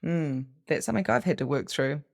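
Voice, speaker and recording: Expressive woman teaching spirituality. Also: low-pitched, a little fast, creaky. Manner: expressive, acts out inner voices, casual swearing. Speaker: psychic medium and spiritual teacher. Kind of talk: casual spiritual teaching to camera.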